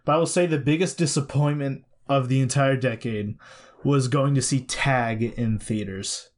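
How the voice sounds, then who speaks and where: A man in a relaxed movie podcast chat, talking in an animated way. He exclaims freely and groans now and then. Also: mid-range voice, moderate pace.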